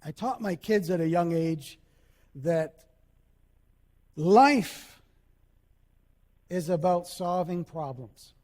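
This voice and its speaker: A male pastor preaching a sermon, animated, acting out little scenes and quotes as he goes. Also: on the high side, slow pace, long pauses, long reverb tail.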